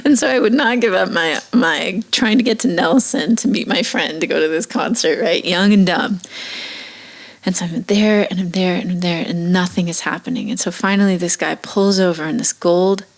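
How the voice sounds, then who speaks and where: Animated woman telling a story. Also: lowish voice, moderate pace. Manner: animated, acts out quoted voices, laughs often. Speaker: podcast guest. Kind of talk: storytelling in casual chat.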